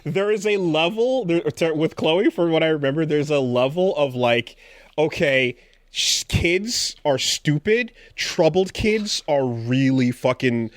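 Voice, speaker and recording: A man co-hosting a podcast chimes in with brief agreements and dry, wry asides. His voice sits a touch high, and the sound is dry and close. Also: expressive, unhurried, no echo. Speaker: podcast co-host. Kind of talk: casual chat.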